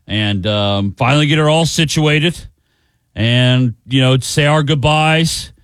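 A man's voice: medium pitch, slow, a bit bright, clean tone, no room sound. A man in his forties, a radio co-host, telling a funny story in casual banter and mimicking other voices.

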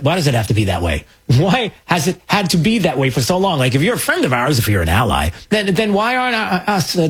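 A man hosting an opinionated political commentary show, rambling and sarcastic, halting often with fillers. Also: a little high, breathy edge. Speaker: talk show host.

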